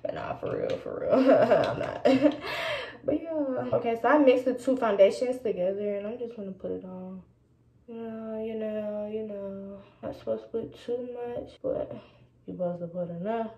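A woman's voice: medium pitch, moderate pace, dark tone. A young woman vlogging casually while doing her makeup, talking to her viewers and sometimes dropping to a whisper. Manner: chatty, addresses viewers as y'all, drops into whispers. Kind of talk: casual get-ready-with-me chat. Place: indoors at home doing makeup. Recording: echoey room, dull lo-fi sound, faint noise.

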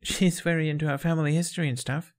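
Brief: man doing a keen young boy, high bright voice, excited questions, fan audiobook. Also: quick pace, natural voice. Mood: eager. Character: young boy, eager and impatient. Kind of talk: fan fiction audiobook reading.

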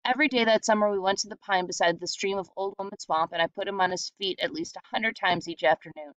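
A woman reading a short story aloud in a steady, reflective storytelling manner. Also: medium pitch, fast talker, dry recording. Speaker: reader. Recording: dull lo-fi sound.

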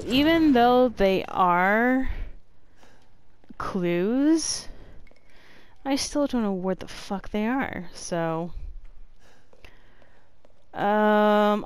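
A woman narrating a horror game as she plays, swearing a lot and moving from flat muttering to panicked yelps. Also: medium pitch, clean tone, no room sound. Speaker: gamer. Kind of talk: let's play commentary.

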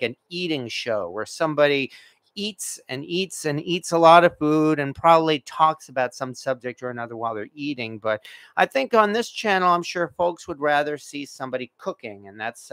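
A man's voice: mid-range voice, fairly bright tone. A man hosting a casual cooking livestream from his home kitchen, rambling with lots of fillers and restarts. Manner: rambling, many fillers and restarts, self-deprecating. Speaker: cooking channel host.

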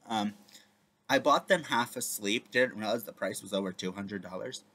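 A man's voice: on the low side, moderate pace, bright, forceful tone. A man, the video creator, chatting casually and rambling with many fillers. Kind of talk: casual reaction chat.

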